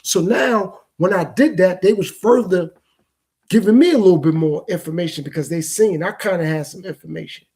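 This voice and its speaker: A man holds forth on his own podcast in a loose, circling, reflective monologue. His voice sits high for a man, with a gravelly, fried edge and a husky, breathy texture. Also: normal speed, dark tone. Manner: loose, repetitive, reflective street-talk delivery. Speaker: podcast host. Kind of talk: casual solo podcast monologue.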